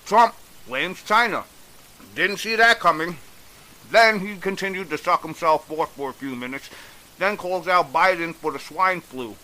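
A man's voice: high voice, a little slow, bright, forceful tone, low-quality recording. A man giving a blunt, exasperated opinion rant, swearing freely as he recaps and criticizes. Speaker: commentator. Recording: faint hiss.

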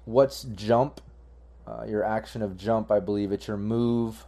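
Game master, male, low warm voice, rambling delivery full of fillers. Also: fairly even intonation, measured pace. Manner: rambling, many fillers and restarts. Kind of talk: running a tabletop game online.

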